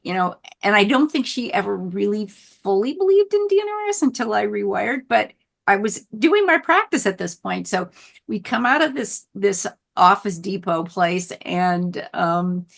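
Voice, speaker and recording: A woman telling her recovery story in a candid, animated conversational way, laughing often and going soft when moved. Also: mid-range voice, moderate pace, vocal fry. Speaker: guest sharing recovery story.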